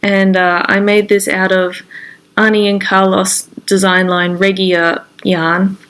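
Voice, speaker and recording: A woman's voice: medium pitch, little pitch movement, slow, fairly bright tone, clear, resonant tone. A woman hosting a knitting podcast, talking casually while showing her knitting, her voice congested from a cold. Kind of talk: casual chat.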